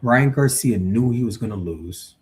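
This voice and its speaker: A man's voice: medium pitch, moderate pace, slight background noise. A man hosting a live stream, talking casually and with strong opinions, reading out viewer comments and arguing his points. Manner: animated, opinionated, reads chat aloud. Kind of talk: casual live boxing talk.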